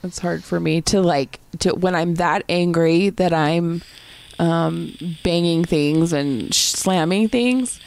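A woman's voice: on the low side, takes it slowly, vocal fry, darkish tone. A woman co-hosting a relationship podcast, agreeable and candid, laughing often. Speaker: podcast co-host. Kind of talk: casual relationship advice chat.

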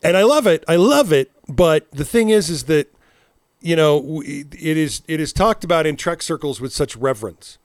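A man's voice: on the high side, lively intonation, moderate pace, no echo, clean studio sound. A man in his forties, co-hosting a podcast in casual chat, rambling and cursing as he tells stories with laughs. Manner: rambling, profane, laughing storyteller. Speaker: podcast co-host.

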